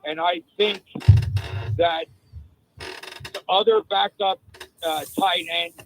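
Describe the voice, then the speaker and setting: A male caller on a sports radio show, speaking earnestly with halting fillers over a phone line. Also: high-pitched, steady tone, fairly bright tone, soft background music.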